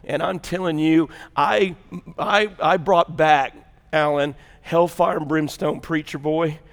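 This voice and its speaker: Older guy preaching in church, kinda high voice, folksy stories, goes loud then real quiet. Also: takes it slowly, in a large hall. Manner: folksy storytelling, shifts from loud and animated to hushed and intense. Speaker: pastor. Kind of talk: sermon.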